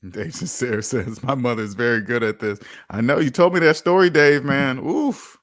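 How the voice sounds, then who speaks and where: A man hosts a casual finance livestream, reading viewer comments out loud and jokingly teasing the commenters. His voice is medium-pitched and a bit bright at a moderate pace, recorded dry with clean studio sound.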